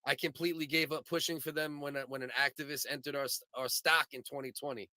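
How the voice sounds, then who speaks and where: A podcast host rambles through his opinions, swearing freely. His voice is a touch high and bright and forceful. The sound is dry and close. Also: level tone, fast, no room sound. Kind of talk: casual comedy podcast chat.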